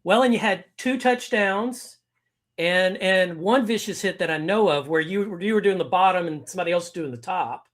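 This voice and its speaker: An interview host who asks eager, rambling questions, full of restarts. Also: medium pitch. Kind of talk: casual live interview.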